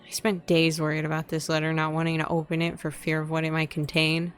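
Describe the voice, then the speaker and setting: A woman voicing a blunt, quick-tempered bartender who stammers and rants, reading a story game aloud. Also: deep voice, monotone, faint music behind, voice pushed down, lightly acted. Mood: angry.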